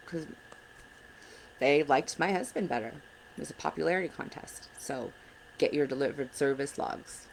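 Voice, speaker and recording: Low gravelly woman giving blunt advice. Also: slight background noise, rough recording. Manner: blunt, earnest, frustrated. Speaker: parent advocate vlogger. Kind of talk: casual direct-to-camera advice.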